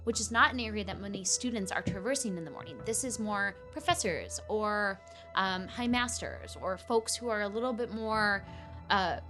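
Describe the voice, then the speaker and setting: A woman's voice: mid-range voice, moderate pace, bright, forceful tone, soft background music. Casual woman narrating a tabletop game. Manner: casual, rambling, many fillers. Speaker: game master.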